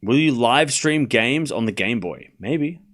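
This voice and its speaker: A man hosting a live stream, calling tennis points with excitable play-by-play and chatting casually with his viewers. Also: medium pitch, unhurried. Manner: excitable play-by-play mixed with laid-back banter to chat. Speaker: stream host doing live tennis commentary.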